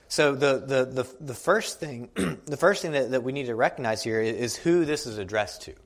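A man preaching a sermon, earnest and halting, often restarting his words, and reading scripture aloud slowly and deliberately. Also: mid-range voice. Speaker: pastor.

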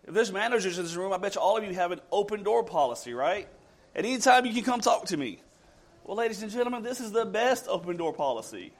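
Preaching to a congregation, a man with a voice that sits high and expressive asks rhetorical questions. He alternates forceful, loud statements with quieter, slower ones.

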